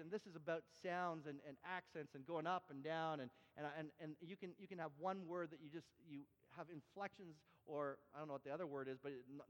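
Canadian pastor, high-pitched, restless restarts, sermon in a reverberant hall. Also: male voice. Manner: repeats phrases and restarts often, rising to emphatic refrains.

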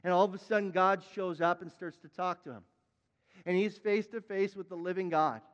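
High-voiced preaching man in a hall. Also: normal speed, muffled recording. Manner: emphatic preaching with repeated words and sudden shouted appeals. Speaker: pastor. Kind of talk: sermon.

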